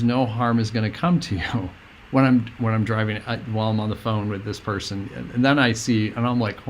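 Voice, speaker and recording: A middle-aged man, a guest, telling a personal story in an earnest, meandering, halting way. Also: medium pitch, slight background noise.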